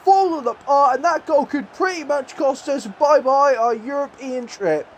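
A young man commentating his own football video game match, swinging between low muttering and excited shouts. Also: normal speed, a little hiss or hum. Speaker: gaming YouTuber.

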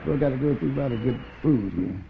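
A man's voice: medium pitch, lively intonation, fast talker, gravelly, background noise. A man in his sixties telling rambling stories about his music career in a drawling way, acting out the other people's lines. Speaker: blues musician. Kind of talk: rambling storytelling. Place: outdoors in a city. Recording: dull old archive film audio with music.

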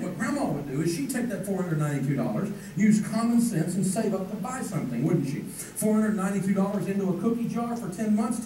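A man teaching a live personal finance seminar in an energetic, joking way, asking the room questions. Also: high voice, slight background noise. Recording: echoey hall from far off.

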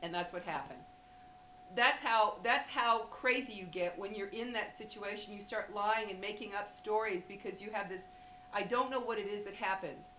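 A woman's voice: mid-range voice, normal speed, bright, forceful tone, roomy sound, a little hiss or hum, rough recording. A woman vlogger talking straight to camera, blunt and emphatic, speaking directly to women viewers. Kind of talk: direct-to-camera advice talk.

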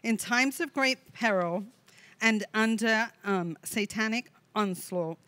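A woman's voice: on the high side, takes it slowly, bright, forceful tone, no echo. A woman leading an online women's ministry talk, reading scripture and adding earnest personal asides. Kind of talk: devotional Bible teaching to women. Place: online video session with a co-host.

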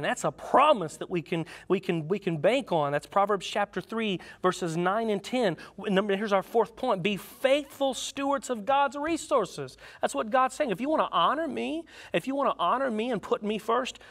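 A man's voice: sits high, expressive, normal speed, hardly any pauses, a bit bright. A man on a Bible study panel, reading verses earnestly with frequent repeats.

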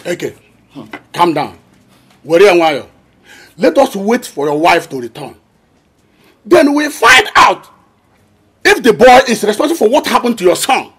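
An actor with a Nigerian accent playing a community elder who urges calm in a film drama. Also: male voice, high-pitched, a little slow, long pauses, slightly rough, heavily acted. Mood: placating. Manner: soothing, urging patience. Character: calming male community elder.

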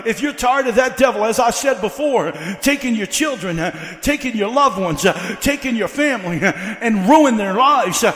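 A man's voice: very high-pitched, expressive, normal speed, hardly any pauses, fairly bright tone. A male evangelist preaching a fiery revival sermon, breaking his lines with "uh" and building by repeating the same questions. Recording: echoey hall.

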